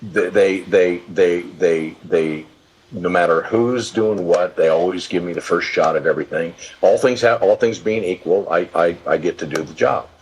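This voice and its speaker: A husky, very low-voiced man in his sixties tells rambling stories from his career, swearing freely and tripping over his own restarts. His delivery is loose and animated, the talk of an old hand reminiscing in a casual interview. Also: moderate pace, poor audio. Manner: profane, animated storyteller with many restarts. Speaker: guest, live event production executive.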